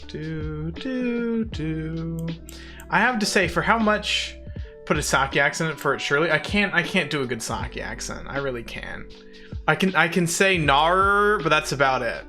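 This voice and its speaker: Playful streamer guy chatting w his viewers, bright voice, giggles a lot, kinda self-deprecating. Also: fairly high pitch, expressive, a little fast, faint music behind. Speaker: live streamer. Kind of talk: casual live-stream chat with viewers.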